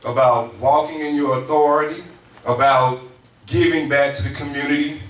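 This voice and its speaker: A man's voice: fairly high pitch, fairly even intonation, normal speed, fairly bright tone. A man emceeing a community town hall, who speaks in an earnest, grateful way as he makes his acknowledgements and introduces speakers. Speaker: emcee and university teacher. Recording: roomy hall, far from mic, faint noise.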